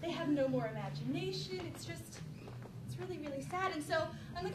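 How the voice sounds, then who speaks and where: A young woman performing a stand-up comedy routine, animated and acting out children's voices and her own. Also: very high voice, fairly quick. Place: university venue with live audience. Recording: roomy, distant mic, loud crowd and noise.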